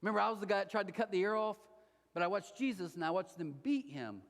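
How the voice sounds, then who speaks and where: A male pastor delivers an animated, conversational sermon and keeps slipping into acted-out quotes. His voice runs high and leaps around in pitch. A long reverb from the church auditorium hangs on every phrase. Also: quick pace.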